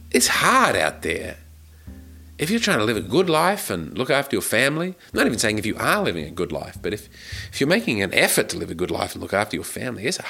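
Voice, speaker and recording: An Australian man with a sick, congested voice, talking low and gravelly as he hosts a podcast. He rambles in a wry, self-mocking way, and his pitch swings around a lot. Faint music sits behind him. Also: pushed and bright. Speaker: podcast host. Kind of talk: rambling casual monologue.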